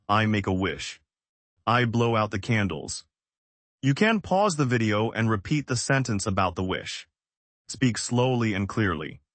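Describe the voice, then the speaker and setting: Man, English teacher, slow repeat-after-me drills, deep voice, dry close sound. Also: no echo. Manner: plain, even, simple sentences for learners.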